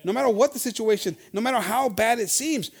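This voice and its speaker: Bilingual pastor, high-pitched man, code-switching sermon, reads scripture slowly. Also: vocal fry, breathy edge. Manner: switches between English and Spanish, often calls out "hermanos".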